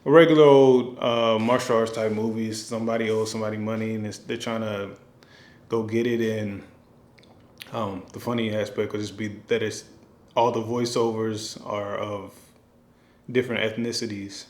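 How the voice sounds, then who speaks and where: A man's voice: fairly low pitch, little pitch movement, normal speed, a little mellow. A man, a film director, thinking aloud in a casual, rambling monologue full of fillers and restarts. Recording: echoey room.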